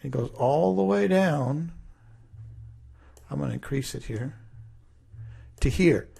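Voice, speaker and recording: A man teaching a class through a relaxed, conversational screen-recorded coding tutorial, thinking aloud as he works. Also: on the high side, slow, creaky, husky.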